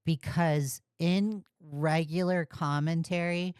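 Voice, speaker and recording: A woman's voice: sits low, takes it slowly, smooth, no echo, clean studio sound. A woman doing casual commentary, blunt and casual, swearing freely. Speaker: commentary YouTuber.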